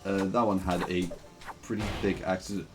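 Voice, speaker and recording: Deep-voiced man rambling over gameplay. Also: flat delivery, moderate pace, over music. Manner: rambling, joking, many fillers. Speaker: game streamer. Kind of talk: casual gameplay commentary.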